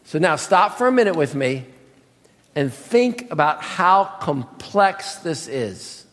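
A male pastor delivering a sermon in a high voice, emphatic and questioning his listeners directly. His words ring out with a long reverb across a church sanctuary. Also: big pitch swings, takes it slowly, a bit bright.

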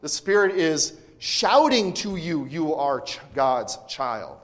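A male pastor preaching a sermon, talking in a conversational way with asides and restarts, then swinging from quiet to loud emphasis. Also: a little high, big pitch swings, takes it slowly. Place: church sanctuary. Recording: long church hall reverb.

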